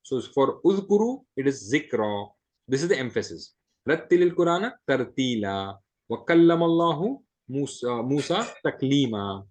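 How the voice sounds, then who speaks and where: A man teaching an Arabic grammar lesson, explaining step by step, checking in with "right?" and reciting Arabic phrases quickly between slower English explanations. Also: medium pitch, a little mellow. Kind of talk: classroom lesson.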